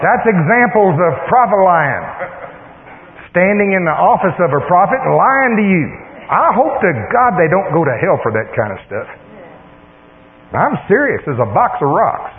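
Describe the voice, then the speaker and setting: A man's voice: high-pitched, big pitch swings, measured pace. A man preaching a sermon, emphatic and folksy, mixing teaching with storytelling. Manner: emphatic, folksy and plain-spoken. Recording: tinny lo-fi tape in echoey hall.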